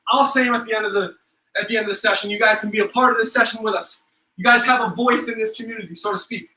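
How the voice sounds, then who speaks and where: Bright-voiced man coaching a home workout. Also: high voice, fairly even intonation, quick pace, echoey room, recorded from a distance, rough recording. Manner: upbeat, joking, counts reps aloud. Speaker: fitness instructor.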